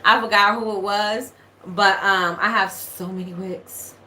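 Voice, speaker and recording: A woman's voice: mid-range voice, steady tone, a little slow, bright, forceful tone, roomy sound, slight background noise. A woman with a New York accent hosting a casual livestream Q&A, chatty and repetitive, reading out viewer comments as she goes. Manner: chatty, repeats herself, reads out viewer comments. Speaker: livestream host, candle maker. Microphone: webcam or phone livestream.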